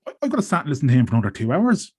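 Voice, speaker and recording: Male co-host, rapid and frank, casual podcast chat. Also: medium pitch, huge pitch swings, darkish tone, slightly rough. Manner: chatty and frank.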